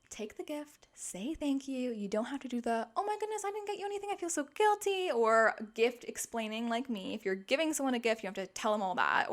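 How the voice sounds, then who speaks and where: Chatty young woman with a gravelly edge. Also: on the high side. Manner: chatty, upbeat, lots of fillers. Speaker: podcast host. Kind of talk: casual self-help podcast monologue.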